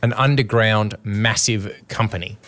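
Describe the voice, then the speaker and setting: A man co-hosting a casual podcast, joking and reacting with quick interjections. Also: lowish voice, fairly bright tone. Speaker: podcast co-host.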